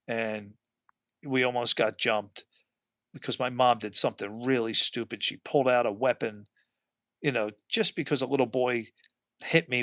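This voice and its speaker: A man's voice: fairly high pitch, fairly bright tone, smooth, no echo, studio quality. A man hosting a casual live stream, chatting and reading viewer comments aloud in a rambling way. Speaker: livestream host.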